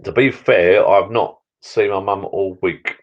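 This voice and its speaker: A man's voice: low-pitched, a little slow, highs cut off. A middle-aged man, chatting and rambling jokily on a live stream from his backyard bar. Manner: rambling, jokey, repeats words. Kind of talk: casual live stream chat. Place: backyard garden bar shed.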